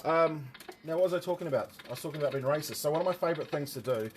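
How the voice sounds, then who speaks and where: A man's voice: a little high, racing, slight background noise. A man with a New Zealand accent hosting a casual livestream, rambling and joking with his viewers. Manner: rambling, chatty, jokey asides to viewers. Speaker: livestream host and motorsport commentator.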